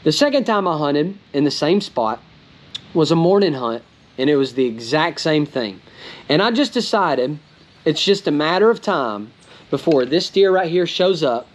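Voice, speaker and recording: A man with a Southern US accent narrating his hunt, excitable and fast-talking, often outdoors in the woods. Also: on the high side. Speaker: hunting vlogger. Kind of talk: hunting vlog narration and field commentary.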